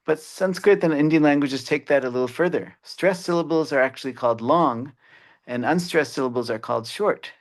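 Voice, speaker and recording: A man who teaches mathematics, giving a webinar lecture in an explanatory way and pausing often on "uh" fillers. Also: a little high. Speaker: mathematics educator.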